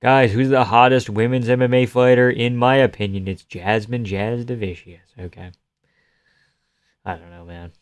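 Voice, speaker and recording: A man's voice: medium pitch, fairly even intonation, normal speed, smooth. Offhand, joking male streamer. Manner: offhand, joking, swears freely. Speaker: live streamer. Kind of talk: casual fight-reaction commentary.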